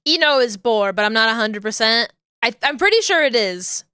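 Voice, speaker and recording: Lady streaming while she works, smooth crisp voice, kinda high, talks to herself a lot. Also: big pitch swings, fairly quick, bright, forceful tone, no echo, clean studio sound. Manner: thinking aloud, self-correcting. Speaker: streamer rigging a 3D model. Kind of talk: casual chat while working.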